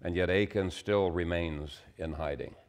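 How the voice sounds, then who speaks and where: A pastor preaching a sermon in a measured, earnest manner, with frequent pauses. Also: male voice, sits low.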